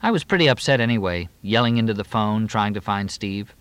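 A man's voice: fairly low pitch, expressive, brisk, fairly bright tone, clear, resonant tone, no echo. A man reading an audiobook, voicing a weary, unhappy young actress in a raised, lighter tone.

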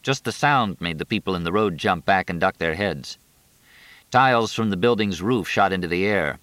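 Deep-voiced male audiobook narrator. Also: expressive, normal speed, fairly bright tone, dry recording. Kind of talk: scripted narration.

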